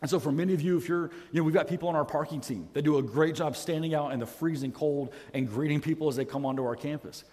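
On the high side and fast, with few pauses, a male pastor's warm voice rings out with a long reverb tail in a church sanctuary. He preaches his sermon on a headset mic in an earnest, self-deprecating way and keeps restarting his sentences.

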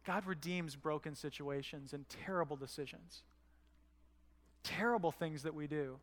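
A male pastor with a high-pitched voice delivers a sermon in a church sanctuary. He speaks in an easygoing, conversational way and keeps asking the room "right?". His voice carries a long reverb tail off the hall. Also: normal speed.

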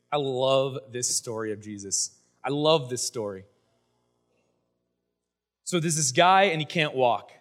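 A male pastor delivers a sermon in a relaxed, conversational way. He tells scripture stories with animated energy and acts out the people in them. His voice sits slightly high for a man. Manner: casual, animated storytelling with playful voiced asides.

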